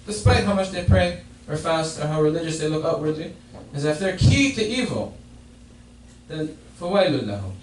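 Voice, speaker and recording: This fairly high-voiced man preaches a Friday sermon briskly, with hardly any pauses, explaining a hadith and often going back to repeat or restart phrases. Faint noise, hall echo, and a distant mic mark the mosque prayer hall recording.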